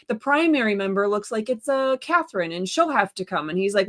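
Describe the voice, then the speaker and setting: A woman telling a story in a casual interview, animated and exasperated, acting out what people said to her. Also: fairly high pitch, fast, few pauses. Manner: animated, exasperated retelling with quoted dialogue. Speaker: guest, stand-by counsel. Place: live stream, remote.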